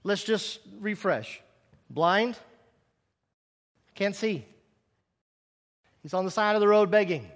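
A man preaching a sermon in an animated way, acting out the scenes he tells and dropping sarcastic asides. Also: sits high, slow, long pauses, in a large hall. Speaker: pastor.

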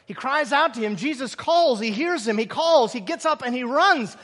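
Animated preacher man, high voice. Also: normal speed, in a large hall. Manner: animated, acts out quotes, sarcastic asides. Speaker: pastor. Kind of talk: sermon.

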